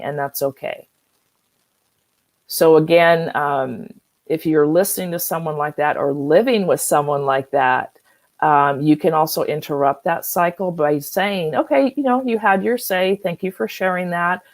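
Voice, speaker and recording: A woman hosting an online wellness workshop, speaking calmly and acting out sample phrases for difficult conversations. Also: sits low, no room sound, low-quality recording. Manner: calm, measured, acts out sample phrases. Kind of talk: live online workshop talk.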